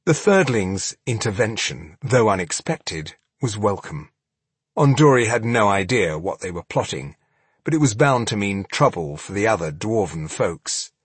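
A man reading fantasy fiction aloud as an audiobook narrator, with dramatic, measured storytelling. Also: on the low side, sing-song, slightly rough, no echo.

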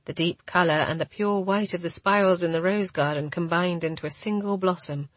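Brief: woman narrator for a first-person novel, steady, husky timbre, dry studio sound. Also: fairly low pitch, brisk, dry recording. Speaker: audiobook narrator.

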